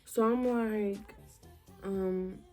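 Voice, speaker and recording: An animated young woman tells a casual storytime, full of slang, and acts out her own past lines. Her voice sits at an everyday middle pitch, with faint music playing behind her. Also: drawn-out words. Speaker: vlogger.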